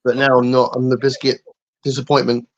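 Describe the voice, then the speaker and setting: A man's voice: medium pitch, completely flat delivery, a little fast, dull audio, crowd noise. A middle-aged English man chatting casually on a live stream, rambling and self-mocking, often laughing. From England. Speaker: guest co-host.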